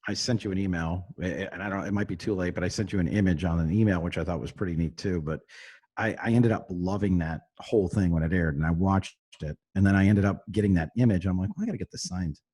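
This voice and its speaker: Deep, fast-talking man, distant mic. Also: warm tone, slightly rough. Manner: quick, casual talker. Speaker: guest. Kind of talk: casual chat.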